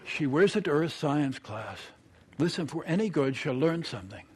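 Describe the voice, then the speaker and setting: A storyteller voices a determined young woman student in his own fairly high voice, dropped a little. She talks briskly and plainly and gets straight to the point. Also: sing-song, slightly rough, heavily acted.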